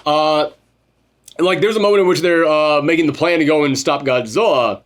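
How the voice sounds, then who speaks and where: A man co-hosting a casual film review chat, animated, swearing freely and mimicking characters as he goes. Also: fairly high pitch, moderate pace. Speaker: podcast co-host reviewing a film.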